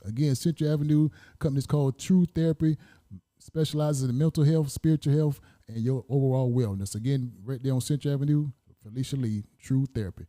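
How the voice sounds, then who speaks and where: A man's voice: on the high side, mellow. A man hosting a live talk show, asking guests questions in a folksy, repetitive way.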